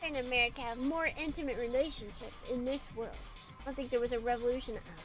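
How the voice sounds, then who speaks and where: A woman's voice: a little high, steady tone, quick pace, over music. A woman streamer making chatty, rambling asides while reading a visual novel. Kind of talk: casual let's play commentary.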